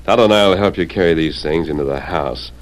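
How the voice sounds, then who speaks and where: An actor playing a calm, reassuring masked Western hero, in 1940s radio acting. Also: male voice, rumbling low, brisk. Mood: steady. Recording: distant noisy 1940s radio broadcast.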